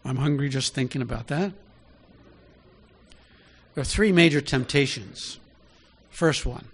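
A man's voice: mid-range voice, a little slow, husky. A man preaching a sermon in an easy, conversational way, often asking his listeners direct questions.

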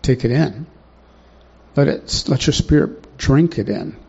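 A man's voice: mid-range voice, animated, unhurried, vocal fry, a little mellow, breathy edge. A man preaching a sermon in a conversational way, often putting questions to the congregation, in a dull lo-fi recording.

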